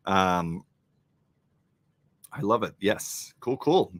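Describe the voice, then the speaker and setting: A man chatting on a live stream with bright, sharp tone and a voice that leaps up and down. He jokes and thanks his viewers, and the sound is close and dry. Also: on the low side, takes it slowly, long pauses, no echo. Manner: animated, joking, thanking viewers. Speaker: livestream host. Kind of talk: casual live-stream chat. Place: home in Rochester, New York.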